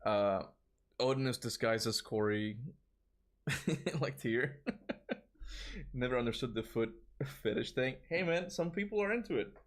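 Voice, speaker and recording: A man's voice: mid-range voice, lively intonation, a little slow, long pauses. A young man with a Toronto accent chatting casually on a livestream, tired, rambling and restarting his words with frequent chuckles. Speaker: gaming streamer.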